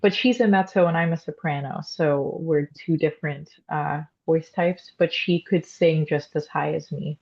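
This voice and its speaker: A woman's voice: low voice, moderate pace, creaky, hardly any pauses, a little mellow, highs cut off. A young woman, a classically trained soprano, explaining voice types in a casual interview with frequent "um" and "like". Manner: explanatory, many "um" and "like" fillers.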